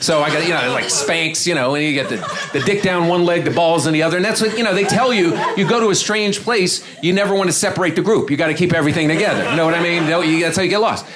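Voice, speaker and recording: A man's voice: fairly high pitch, quick pace, a crowd in the background. Middle-aged man telling a rambling story. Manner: loose, rambling, crude, acts out characters. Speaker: stand-up comedian. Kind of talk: stand-up storytelling. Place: comedy club stage.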